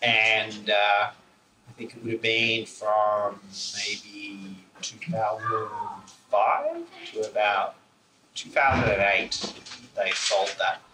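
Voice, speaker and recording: A man's voice: lowish voice, slow, background noise. A man giving an informal public talk, rambling with many fillers and chuckles, heard through a camera's built-in mic. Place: indoor talk venue. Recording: roomy, distant camera mic.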